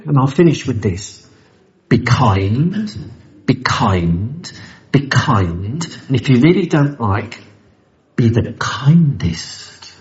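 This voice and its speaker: A blunt London man with a fairly low voice tells a lively personal story as a recovery meeting speaker in a convention hall. He swears, jokes and acts out others' voices. The live talk recording sounds slightly dull.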